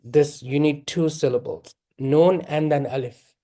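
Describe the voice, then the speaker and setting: A man teaching tajweed, patiently correcting students and modeling the recitation slowly. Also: fairly high pitch, fairly even intonation, dark tone.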